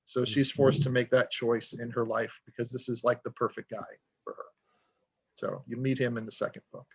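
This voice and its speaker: A man's voice: mid-range voice, steady tone, normal speed, gravelly, slightly rough, poor audio. A man talking casually on a podcast as an author guest, rambling and self-deprecating as he tells stories.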